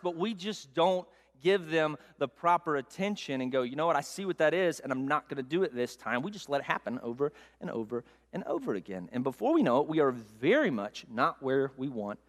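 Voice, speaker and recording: Male pastor, lively sermon storyteller, higher register, long reverb. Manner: animated, self-mocking storyteller.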